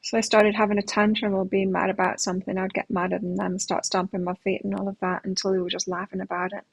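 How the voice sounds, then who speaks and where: A middle-aged woman with a husky, breathy voice hosts a live tarot stream. She talks loosely and chattily, drifting into anecdotes, and her voice sits at an ordinary pitch. The sound is close and dry, with no room around it. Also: level tone, fast, no echo, poor audio. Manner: chatty and rambling, telling anecdotes. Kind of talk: casual live-stream chat between tarot readings.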